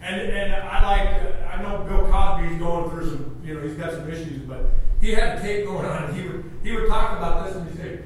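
A man preaching a sermon with animated storytelling, acting out the dialogue himself, heard from afar in an echoey church hall. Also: high voice, moderate pace, few pauses, far from the mic. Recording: echoey room from afar with faint noise.

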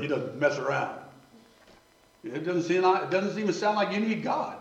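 A man's voice: on the high side, expressive, normal speed, creaky, dull audio. A man preaching a Bible study sermon, reading scripture and then explaining it in a conversational way, often restarting his sentences. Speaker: pastor. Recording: echoey room, mic at a distance, faint noise.

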